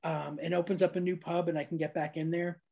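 Her voice is fairly low, creaky and mellow, with a flat, fast delivery and dull audio. She's a Niagara Falls, New York native hosting a chatty podcast interview from her home abroad, cats nearby, using lots of fillers and laughing frequently.

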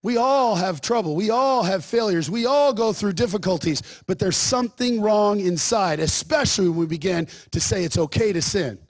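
Brief: male pastor, high tenor, jokey asides turning into forceful preaching. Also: moderate pace, few pauses. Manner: joking asides, then emphatic preaching. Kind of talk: sermon.

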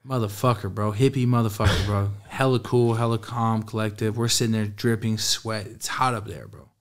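A man tells a story in a loose, streetwise way, swearing freely. His voice sits low. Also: steady tone, brisk. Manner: streetwise, profane, laid-back. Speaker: guest. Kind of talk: casual storytelling.

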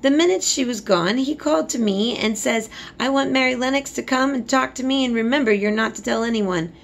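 A woman putting on an excited country servant girl. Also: a little high, gravelly, slight background noise, pitched above the performer's own voice. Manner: brisk country dialect speech. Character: chatty young servant girl.

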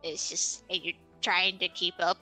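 A woman's voice: fairly low pitch, little pitch movement, measured pace, sharp tone, faint music behind, low-quality recording. A woman chatting casually on a live stream, giggling often between remarks. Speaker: co-host.

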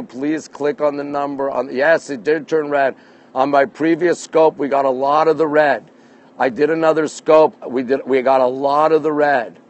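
Canadian guy on a rooftop livestream, phone mic, reading comments and saying hi to everyone. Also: mid-range voice. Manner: chatty, greets viewers by name, upbeat. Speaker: livestream host. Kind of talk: live-stream chat reading viewer comments. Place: rooftop deck outdoors at night. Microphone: phone held in hand.

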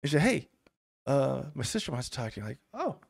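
A man's voice: medium pitch, fast, creaky, husky. A man, an author guest on a podcast, telling stories casually, stammering and restarting, and acting out the voices of people he quotes. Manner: animated storyteller who acts out quoted dialogue.

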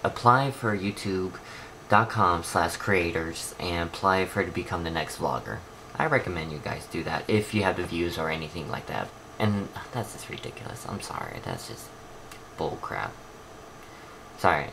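A man's voice: sits low, moderate pace. Rambling man vlogging on noisy camera audio. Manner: rambling, talks to camera, drifts between mumbling and excited outbursts. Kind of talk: casual vlog chat. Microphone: handheld camera.

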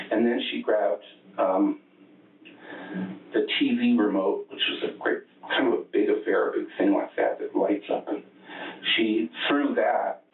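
A man recounting events in a police interview, rambling and halting with many restarts. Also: on the low side. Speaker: interrogation suspect. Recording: echoey, distant, phone-like interrogation room audio.

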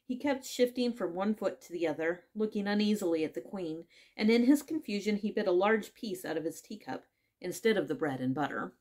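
A woman reading a classic children's story aloud in measured narration. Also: mid-range voice, animated, darkish tone. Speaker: audiobook reader.

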